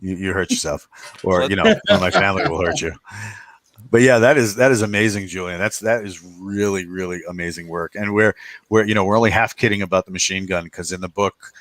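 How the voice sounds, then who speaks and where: A man's voice: low-pitched, fairly quick, a bit bright, no room sound. A man hosting a podcast in casual chat, talking in a loose, rambling way with restarts and slang. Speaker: podcast host.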